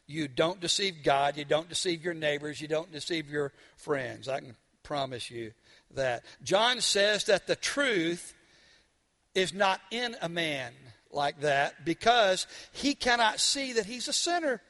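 A male preacher with a high, bright and forceful voice delivers a storytelling sermon. He drives his points home with emphasis and drops to a hush at times. He asks the congregation questions as he goes. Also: lively intonation, a little slow, in a large hall. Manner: emphatic, swings from loud to hushed.

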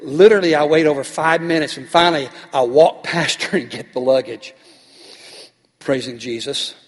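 Speaking at a moderate pace in a higher register, a pastor brings a sermon story to life by acting out each person in it. The recording has a long hall reverb.

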